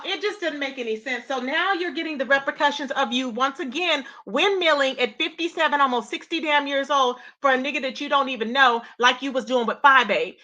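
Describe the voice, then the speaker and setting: Chatty, high-voiced woman streamer. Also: bright, forceful tone. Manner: chatty, opinionated, addresses viewers as y'all. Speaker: commentary livestream host. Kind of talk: casual drama commentary talk.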